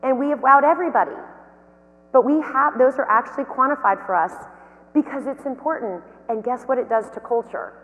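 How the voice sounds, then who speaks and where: A woman giving a motivational keynote talk, telling anecdotes in a lively, storytelling way. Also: sits high, a little fast, narrow, tinny audio. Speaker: keynote speaker and company founder. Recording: long hall reverb.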